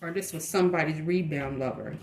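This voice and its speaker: A woman's voice: deep voice, a little fast, darkish tone. A woman giving a casual tarot reading in a blunt, chatty way, with slang and fillers. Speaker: tarot reader. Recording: echoey room with faint noise.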